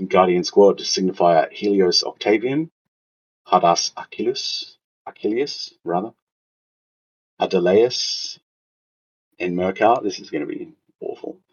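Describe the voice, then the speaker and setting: Male co-host, very low husky voice, dull lo-fi mic, hesitant reader. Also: a little mellow. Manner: halting, stumbles over names, self-mocking. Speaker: podcast co-host. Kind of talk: casual chat reading out army names.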